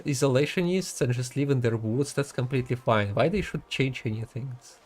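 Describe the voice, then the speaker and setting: Guy streaming a game, chatty n giggly, rambles a lot, normal pitch. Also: a little fast, darkish tone. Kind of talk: casual gaming commentary.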